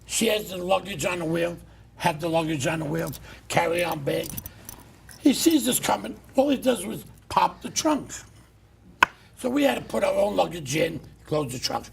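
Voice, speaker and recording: A middle-aged man hosting a talk show, telling stories in a blunt, loud, animated rant. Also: high-pitched, moderate pace, gravelly, a little hiss or hum. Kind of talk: casual ranting monologue.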